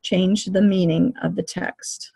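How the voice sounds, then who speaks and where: Husky woman giving a measured lecture. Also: on the low side, little pitch movement, mellow. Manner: clear, measured explanatory delivery. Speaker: teacher educator. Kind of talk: lecture on reading fluency.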